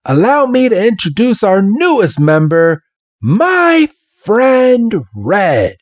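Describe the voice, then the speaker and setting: A man doing a prim old gentleman who runs a pet lovers' club, his voice pitched up high and sing-song with wide swoops. The tone is genteel and fussy, and it comes through slightly muffled and dull. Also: huge pitch swings, takes it slowly, no room sound, heavily acted.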